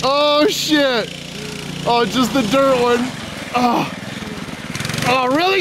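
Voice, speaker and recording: A man's voice: very high voice, drawn-out words, pauses often, background noise. A man filming his buddies outdoors on a handheld camera, swearing, laughing and cheering them on in rowdy casual commentary. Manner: profane, laughing, excitable, calls everyone "boys". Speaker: vlogger filming friends.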